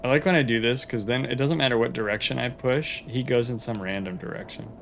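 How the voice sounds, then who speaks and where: Casting note: easygoing male game streamer, mid-pitched, gravelly, joking commentary. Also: fast talker, fairly bright tone, slight background noise. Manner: joking, talks to the game characters. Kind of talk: let's play commentary.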